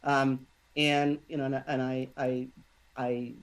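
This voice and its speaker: A man in a casual podcast conversation, telling a personal story in a halting way, with many restarts and fillers. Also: medium pitch, level tone, smooth, low-quality recording. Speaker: podcast guest.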